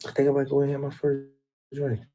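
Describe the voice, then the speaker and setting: A man's voice: medium pitch, completely flat delivery, quick pace. A man hosting a casual live stream, rambling and teasing rival fans, calling out viewers by name. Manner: teasing, rambling, trash-talking, shouts out viewers.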